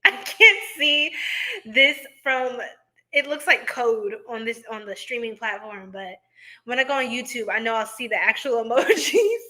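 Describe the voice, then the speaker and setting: A woman's voice: on the high side, lively intonation, measured pace, sharp tone. A young woman, hosting a tarot reading livestream and chatting casually with viewers, laughing often and making playful puns. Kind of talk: casual live-stream chat reading viewer comments.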